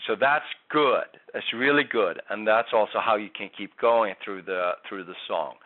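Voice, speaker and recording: A vocal coach on a tinny line. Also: male voice, fairly low pitch. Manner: explains patiently with many restarts and "right?". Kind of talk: giving singing feedback on a recording. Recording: tinny phone-like sound.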